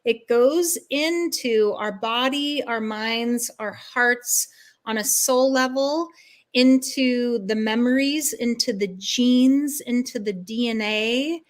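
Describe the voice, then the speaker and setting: A woman guest, a spiritual guide and life coach, answering interview questions in an earnest, soothing way, stringing ideas together in long flowing lists. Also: on the high side.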